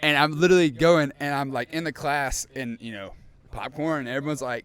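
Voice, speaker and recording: A young man co-hosting a podcast, telling a story in a lively, animated way and acting out scenes. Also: a little high, brisk, smooth. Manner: animated storyteller, acts out scenes, laughs often. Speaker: podcast co-host. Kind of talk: casual chat, storytelling.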